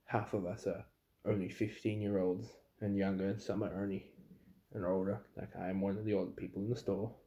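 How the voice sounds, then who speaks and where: A young man, a fast food worker, bluntly ranting with swearing about rude customers in a casual story. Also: deep voice, flat delivery, dark tone.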